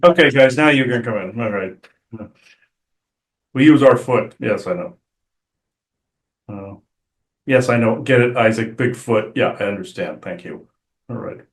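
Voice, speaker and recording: A man hosting a casual channeling session, his voice of middling pitch. He speaks haltingly, stopping and restarting his phrases. The room gives his voice a roomy echo. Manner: halting, with many fillers and restarts. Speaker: channeler and show host. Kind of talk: casual chat.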